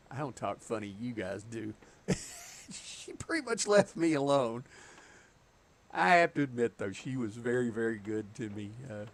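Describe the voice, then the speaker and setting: A middle-aged man with a Southern US accent, chatting casually and telling stories while streaming a game. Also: mid-range voice. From southeastern United States. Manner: chatty storyteller, chuckles often. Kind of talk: casual chat while gaming.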